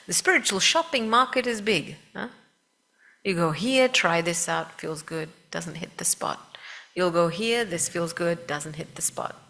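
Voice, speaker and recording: A woman teaching spiritual meditation to a live audience, talking gently, asking listeners questions and often dropping to a soft whisper. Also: on the low side.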